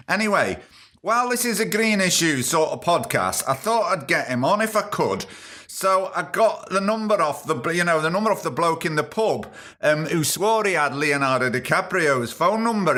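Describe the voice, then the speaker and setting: A man's voice: a little high, pushed and bright. A man hosting a comedy podcast, talking wryly and rambling with frequent ums. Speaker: podcast host.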